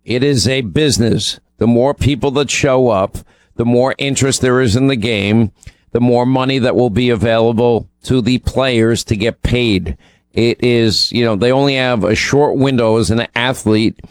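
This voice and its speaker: Here a New York radio co-host talks at a moderate pace with medium pitch, recorded dry in the studio. His delivery of ad reads and news is casual and rambling, peppered with ums and restarts.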